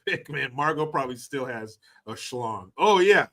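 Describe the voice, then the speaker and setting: A man's voice: medium pitch, lively intonation, moderate pace, fairly bright tone. A man hosting a livestream and commenting in a mocking, profane, casual way. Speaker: livestream host.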